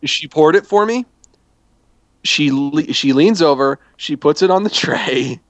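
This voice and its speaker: A man's voice: a little high, expressive, measured pace, dry recording. A man talks his way through a travel mishap, circling back and restarting his sentences as he goes. The sound is dry and close, with no room around it. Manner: rambling, self-correcting storytelling. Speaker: storyteller in a chat. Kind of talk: casual chat.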